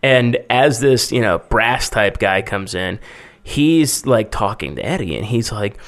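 A man's voice: fairly low pitch, lively intonation, a little slow, fairly bright tone. A man in casual chat, telling a long bar story, acting out quotes and swearing freely.

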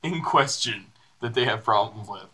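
A man's voice: lowish voice, lively intonation, moderate pace, bright, forceful tone, slightly rough. A man narrating as game master of a tabletop game, playful and laughing as he describes scenes.

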